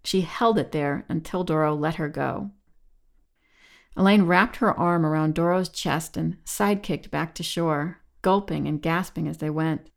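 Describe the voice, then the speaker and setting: A woman with a somewhat low voice narrates a novel in a steady, measured way. Her reading stays even and clear from line to line. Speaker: audiobook narrator. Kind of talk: scripted narration.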